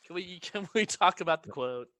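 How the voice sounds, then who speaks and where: Bright, lively man on a podcast. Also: sits high, normal speed, no room sound, studio quality. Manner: animated, laughs a lot, jokey asides. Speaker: podcast co-host. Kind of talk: casual movie-review podcast chat. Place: his own room, recording remotely.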